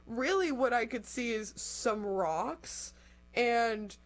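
A woman's voice: on the high side, takes it slowly. Chatty young woman telling a story. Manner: animated, acts out quotes, says "like" often. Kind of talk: casual storytelling chat.

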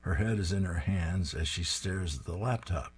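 A man describing comic strips panel by panel and reading them aloud in a steady, descriptive way with dry amusement. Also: low voice, normal speed, slightly rough. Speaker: comics reader.

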